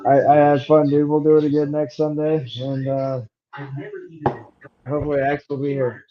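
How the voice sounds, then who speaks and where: A man co-hosts a podcast and chats easily with his partner, calling him "dude" and "brother." His delivery stays flat and level, and the sound is dull, with a crowd clearly audible behind him. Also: a little high, moderate pace. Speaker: podcast co-host. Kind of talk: casual chat sign-off.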